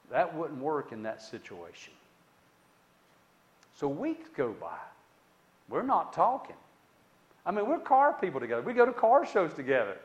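A man telling a personal testimony story in a conversational way, with dramatic swings between loud and hushed delivery and many asides to the listener. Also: on the high side, very animated, moderate pace.

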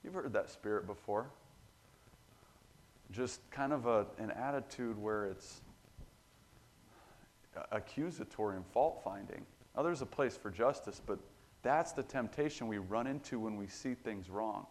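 A man preaching a sermon in an earnest, emphatic way, getting louder on his key points. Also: lowish voice, measured pace, long pauses. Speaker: pastor.

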